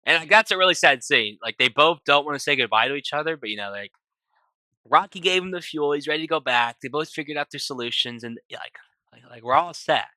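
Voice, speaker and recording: A man with a very bright, forward voice recaps a movie in loose, rambling casual talk, full of fillers and restarts. The sound is dry and close, with almost no room around it. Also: fairly high pitch, animated, fast talker, no room sound. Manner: rambling, filler-heavy retelling with frequent restarts. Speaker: movie reviewer.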